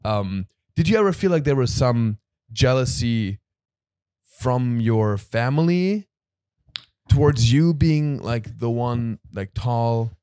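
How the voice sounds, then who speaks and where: A man's voice: medium pitch, expressive, slow pace, darkish tone, clear, resonant tone, dry recording, studio quality. A man from Germany hosting a casual podcast interview, telling stories animatedly and laughing often. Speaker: podcast host.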